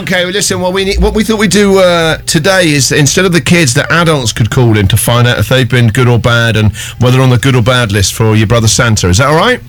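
A man hosting a radio show, trading quick, playful banter. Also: mid-range voice, fairly bright tone. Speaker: radio host.

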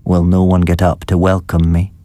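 A man's voice: sits low, monotone, normal speed, dark tone, no room sound, natural voice. A man voicing an undead old man in a spoken storybook, speaking in a dead, toneless voice. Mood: menacing.

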